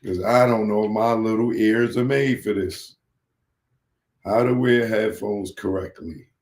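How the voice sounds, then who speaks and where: A man's voice: lowish voice, fairly even intonation, measured pace, darkish tone. A man hosting a live comedy stream, chatting casually while he tries out a gadget. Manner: casual, rambling, unpacks and tries out gadgets on camera. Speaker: comedian host. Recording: roomy echo.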